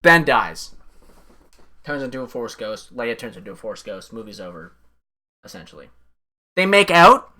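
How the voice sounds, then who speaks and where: A young man casually recapping a film on a stream, rambling and profane, excitedly acting out lines from the scenes. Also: medium pitch, normal speed, long pauses.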